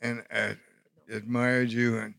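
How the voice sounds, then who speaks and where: A man's voice: medium pitch, flat delivery, slow, vocal fry, a bit bright, a little hiss or hum. A man actor on a festival panel, joking, then candid, with stammering restarts. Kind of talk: panel discussion.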